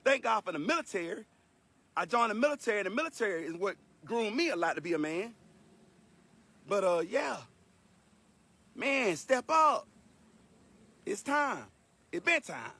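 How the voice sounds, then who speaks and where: A man's voice: sits high, big pitch swings, fairly quick, bright, forceful tone. A man giving an earnest, emotional spoken lesson to his viewers in a casual, repetitive way. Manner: earnest and preachy, repeats himself, emotional. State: sweating.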